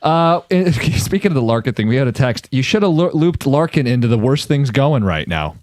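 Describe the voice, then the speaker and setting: A male radio co-host in casual banter who teases his colleagues and tells stories with animation. His pitch jumps around lively. The studio sound is dry and close. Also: moderate pace, no echo. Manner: teasing, animated storytelling.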